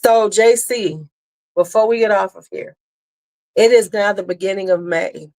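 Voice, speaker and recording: A woman's voice: medium pitch, moderate pace, a little mellow. A woman hosting a casual livestream, talking bluntly with some cursing and answering viewers' comments as they come in. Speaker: beauty channel host.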